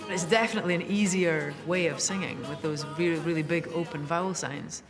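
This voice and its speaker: Higher-voiced man over music. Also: steady tone, fairly quick. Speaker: documentary contributor. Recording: reverberant, with music underneath.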